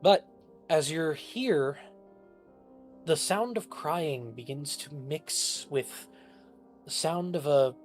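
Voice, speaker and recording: A woman running a tabletop game as game master, narrating in a relaxed, unhurried way. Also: low-pitched, soft background music.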